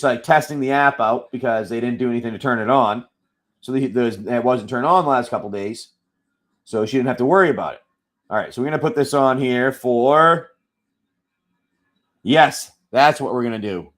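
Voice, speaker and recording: A man hosting a live card-pack stream, chatting casually, telling a story with quoted lines, swearing freely and talking loudly. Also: medium pitch, normal speed, long pauses. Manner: loud, swears freely, tells stories with quoted dialogue. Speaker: live card-break seller. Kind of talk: casual chat while opening card packs.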